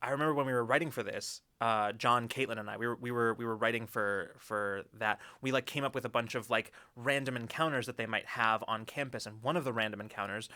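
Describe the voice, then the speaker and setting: A man's voice: medium pitch, a little fast, few pauses, sharp tone. A man co-hosting a casual tabletop gaming chat show, telling stories animatedly and laughing often. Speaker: podcast co-host.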